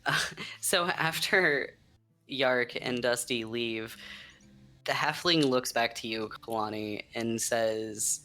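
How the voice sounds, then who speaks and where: A man narrating a tabletop game as game master, slow and halting, with small restarts. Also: medium pitch, pushed and bright, soft background music.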